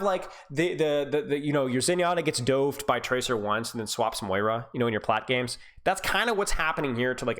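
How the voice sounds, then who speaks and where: A man's voice: medium pitch, a bit bright. Chatty man breaking down a match live. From Scottish heritage. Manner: casual, chatty, many restarts, thanks subscribers. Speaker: esports coach and streamer. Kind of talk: live stream game analysis.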